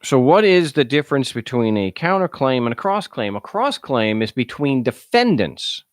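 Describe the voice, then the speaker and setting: Animated sarcastic male talk-show host. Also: mid-range voice, moderate pace, dry recording, studio quality. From United States. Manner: animated, sarcastic, repeats words when starting sentences. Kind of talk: casual call-in show monologue.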